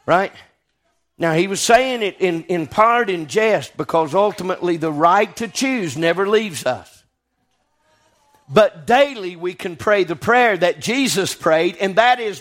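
High-voiced preacher man. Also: lively intonation, fairly bright tone. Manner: call-and-response preaching, frequent "Right?" and "Amen"; rising to emphatic peaks, slowing on scripture. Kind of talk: sermon.

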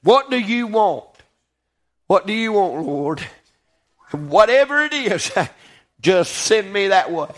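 A man with a high, light voice preaching a sermon. He leans on call-and-response, keeps checking in with his listeners, and drags out scripture lines for weight before climbing to emphatic peaks. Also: sing-song, takes it slowly, pauses often, a bit bright. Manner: call-and-response preaching, frequent "Right?" and "Amen".

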